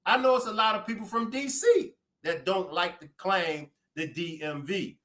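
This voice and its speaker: A man with a Baltimore accent chats loosely with his live viewers and greets them by the places they come from. His voice sits a little high for a man. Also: moderate pace, bright, forceful tone. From Baltimore, USA. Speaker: live stream host. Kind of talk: casual live stream shout-outs.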